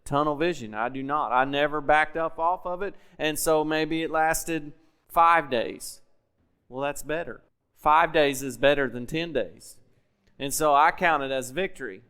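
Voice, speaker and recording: A man preaches a sermon in a casual, folksy way, asking his congregation question after question. His voice sits a little high and sounds smooth and resonant. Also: measured pace, sharp tone. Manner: folksy, conversational preaching with lots of rhetorical questions. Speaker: pastor. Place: church sanctuary.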